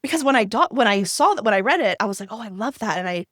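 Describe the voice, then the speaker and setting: A woman co-hosting a podcast, chatty, excitable and openly emotional as she talks. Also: fairly high pitch, racing, no room sound, clean studio sound. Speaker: podcast co-host. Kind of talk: casual interview chat.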